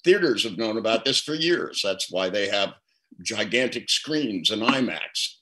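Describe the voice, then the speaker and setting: A man's voice: fairly low pitch, animated, unhurried, bright, forceful tone, poor audio. An older man speaking as a guest therapist, telling reflective stories in an interview and often repeating words as he starts a thought. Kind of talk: storytelling interview answer.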